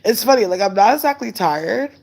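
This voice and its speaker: A woman hosting a casual live stream, chatting loosely and candidly while answering viewer comments in a relaxed way. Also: medium pitch, vocal fry. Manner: relaxed and unhurried. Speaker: livestream host.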